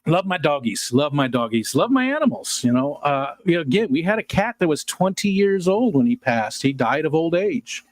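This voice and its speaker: A man's voice: fairly high pitch, big pitch swings, normal speed, hardly any pauses, no room sound. A middle-aged man hosting a livestream, rambling casually to his viewers and chuckling often as he answers comments. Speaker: livestream host.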